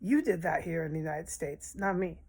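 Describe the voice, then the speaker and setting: A woman's voice: low voice, a little fast, darkish tone, slight background noise. A woman talking straight to her viewers in a rambling personal monologue, emotional and swearing often. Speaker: vlogger.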